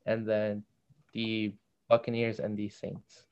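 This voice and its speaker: A young man co-hosting a casual sports podcast, measured and analytical as he weighs each matchup. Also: fairly low pitch, completely flat delivery, clean tone, highs cut off. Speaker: podcast co-host.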